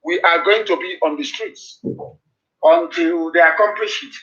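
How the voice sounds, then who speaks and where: A man with a Nigerian accent delivers an impassioned political address, hammering his points with repeated warnings. His voice sits unusually high and cuts through with a bright, tense edge. The recording is dull and lo-fi, like a replayed broadcast. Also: very animated, measured pace. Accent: Nigerian English. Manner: impassioned, denouncing, repetitive warnings. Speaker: activist broadcaster.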